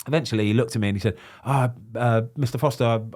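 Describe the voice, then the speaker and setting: Podcast host, man in his forties, lively storyteller who mimics voices. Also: on the low side, racing. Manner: lively storyteller, acts out quotes. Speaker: podcast host, former goalkeeper. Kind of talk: casual chat, anecdotes.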